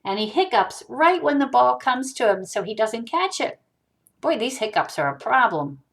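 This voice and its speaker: A woman reading a picture book aloud to a child, animated, with sung-out hiccup sounds, on a webcam mic. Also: on the high side, normal speed, creaky. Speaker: storyteller.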